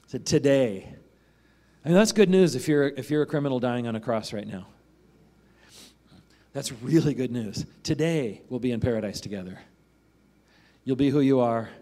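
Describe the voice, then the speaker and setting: A man's voice: medium pitch, animated, moderate pace, pauses often, dark tone. A man preaching a sermon as a pastor, in a conversational way, often asking "right?" and acting out the voices of the people in the passage he reads.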